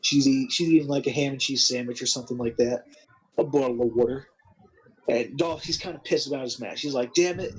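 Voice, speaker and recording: Husky young man recapping a game. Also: mid-range voice, fairly quick, poor audio. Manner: rambling, profane, full of restarts and 'like'. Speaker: game commentator. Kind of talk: casual recap of a wrestling game.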